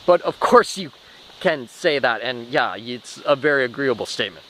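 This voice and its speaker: A man's voice: mid-range voice, animated, moderate pace, bright, forceful tone, slight background noise, rough recording. A man talking through a rambling spoken monologue, restarting often and swearing casually. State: short of breath.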